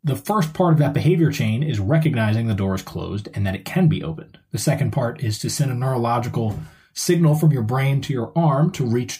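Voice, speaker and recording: A man's voice: mid-range voice, warm tone. A man hosting his own podcast as a dog trainer, explaining things step by step in a conversational way.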